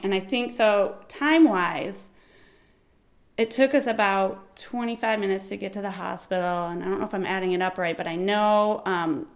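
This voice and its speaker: A woman in her thirties telling a personal birth story, animated and laughing, acting out shouted quotes. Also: mid-range voice.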